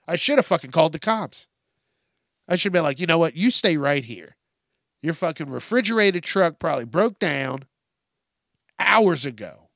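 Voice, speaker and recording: Man, podcast host, profane ranter, slow deliberate delivery, a bit high-pitched, allergy-stuffed, dry close sound. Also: creaky, a bit bright, no echo. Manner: profane, ranting storyteller. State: congested from allergies. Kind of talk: solo call-in podcast monologue.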